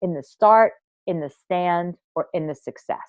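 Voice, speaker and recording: A woman's voice: fairly low pitch, normal speed, smooth, no echo. A woman hosting a live online masterclass for women, talking in a theatrical, emphatic, gushing way and swearing freely. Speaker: online workshop host and women's coach.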